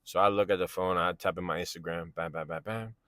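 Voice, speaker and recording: Casual storyteller, male, low-pitched, rambling slang delivery, dry close sound. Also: fairly even intonation, quick pace, fairly bright tone, dry recording. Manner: slangy, rambling, keeps asking "you know what I'm saying". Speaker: vlogger telling a personal story.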